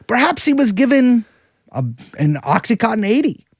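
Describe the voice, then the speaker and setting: A man's voice: very high-pitched, big pitch swings, moderate pace, gravelly, no room sound, studio quality. A man co-hosting a casual podcast, rambling and sardonic, wandering through digressions. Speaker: podcast co-host.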